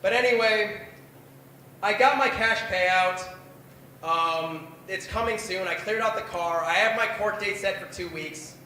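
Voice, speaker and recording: A man in his twenties spins a profane, self-deprecating story at a bar open mic night. His voice sits very high and sounds bright and forceful. The room is strongly echoey, with a faint hum of noise behind him. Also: unhurried. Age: 20s. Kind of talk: stand-up storytelling.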